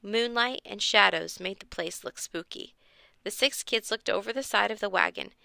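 Woman storyteller for a kids' mystery book, expressive read, bright tone with some fry, dry booth sound. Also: moderate pace, dry recording. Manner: expressive, pitches up for the children's lines. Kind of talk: reading a children's chapter book aloud.

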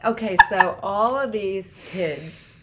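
A middle-aged mother chatting casually with her grown child, telling family stories in a meandering way and getting animated when she quotes people. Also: mid-range voice, slow pace. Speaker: mother of the other speaker.

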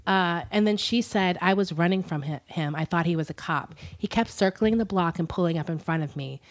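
Giggly, low-voiced woman telling a story. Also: fairly quick. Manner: giggly, breaks off with laughs and apologies; chatty, many fillers like "um" and "like". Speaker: podcast co-host. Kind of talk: casual storytelling chat.

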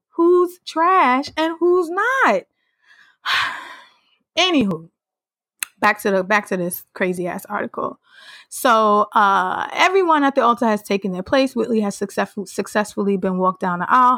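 A woman's voice: medium pitch, no room sound. Sassy woman podcaster reading an article and going off on it, calls you sis, dry close mic. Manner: sassy, animated, talks to listeners as "sis". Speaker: podcast host. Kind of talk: casual commentary reading an article aloud.

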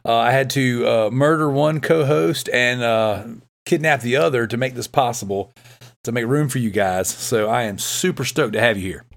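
A man's voice: mid-range voice, normal speed, creaky. A man hosting a casual podcast chat, rambling with fillers and frequent laughs. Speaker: podcast host.

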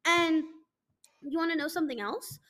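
Young woman podcast host, high bright voice, profane, blunt, self-mocking solo rant. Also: expressive, normal speed. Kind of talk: casual solo podcast chat.

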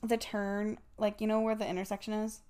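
A woman's voice: medium pitch, flat delivery, fairly quick, darkish tone, smooth. Rambling, swearing young woman telling a story. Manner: rambling, swears often, laughs through the story. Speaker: podcast co-host. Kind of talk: casual storytelling chat.

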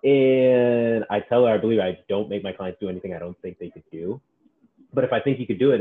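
A man with a fairly low voice and a slightly quick pace chats casually on a podcast about his work as a personal trainer. He is an animated storyteller who acts out his clients' lines, and the recording has a tinny, phone-like sound.

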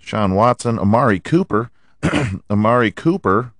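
A deep-voiced man with a hoarse, allergy-worn throat rants about football, swearing freely and firing off rhetorical questions. His pitch swings widely as he gets worked up, and the sound is dry and close. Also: expressive, normal speed, no room sound. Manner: profane, ranting, rhetorical questions. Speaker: podcast host. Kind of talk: casual sports rant.

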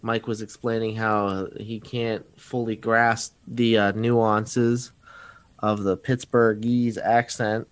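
A man hosting a podcast, joking and laid-back, with frequent pauses and fillers. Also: fairly low pitch, level tone. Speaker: podcast host. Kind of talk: casual chat.

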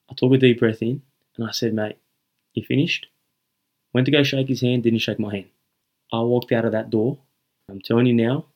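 A young man hosts a motivational podcast with a warm, mellow voice at an ordinary mid pitch. He talks to his listeners earnestly and emphatically and keeps coming back to his main points. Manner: earnest, emphatic and repetitive, addressing listeners as guys. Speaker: podcast host.

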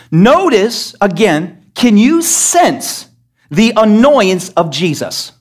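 At a church service, a pastor preaches a sermon in a medium-pitched, unhurried voice with wide rises and falls. He speaks emphatically and keeps firing questions at the congregation to stir them up.

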